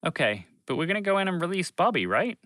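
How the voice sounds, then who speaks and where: A man voicing Fred, a curious, gentle small creature in a children's story, asking plain questions. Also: high-pitched, sing-song, fast, no room sound, voice pushed up, exaggerated voice. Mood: pleading.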